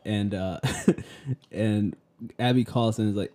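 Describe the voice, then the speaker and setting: A man's voice: fairly low pitch, steady tone, takes it slowly, mellow. A young man co-hosting a casual talk show, retelling a story with lots of laughter and acted-out quotes.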